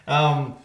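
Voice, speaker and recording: A man's voice: fairly high pitch, noisy background. A man hosting a casual podcast chat, rambling, restarting often and running his words together. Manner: rambling, restarts often, fast and slurred by his own account. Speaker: podcast host. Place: room at home. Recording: echoey room.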